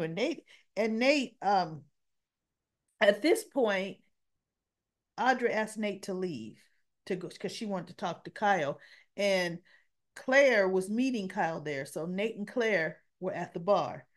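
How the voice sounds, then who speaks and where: Woman doing a soap recap, chatty, kinda unbothered, talks slow, camera mic. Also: medium pitch. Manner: chatty, with offhand dismissive asides. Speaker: soap opera recap vlogger. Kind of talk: casual recap chat.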